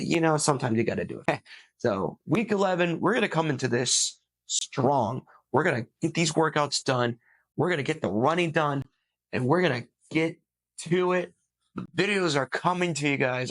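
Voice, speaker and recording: A man's voice: medium pitch, a bit bright, dry recording. A man chatting in a casual weight loss vlog, upbeat and talkative with lots of fillers and restarts. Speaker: vlogger.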